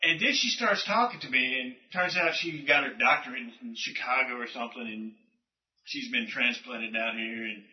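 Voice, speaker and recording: A man's voice: medium pitch, normal speed. A man in casual chat, telling a profane story about a rude customer and laughing as he goes. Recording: roomy and distant, dull sound.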